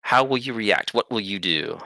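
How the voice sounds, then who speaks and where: A man narrating as game master of a tabletop game, rambling with many filler pauses. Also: fairly low pitch, lively intonation, vocal fry, pushed and bright, dry recording.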